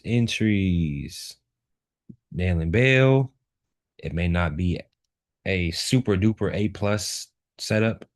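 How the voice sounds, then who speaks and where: Deep-voiced, slow, emphatic male trading coach. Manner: emphatic, repeats key words for emphasis. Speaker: trading instructor. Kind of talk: live chart walkthrough lesson.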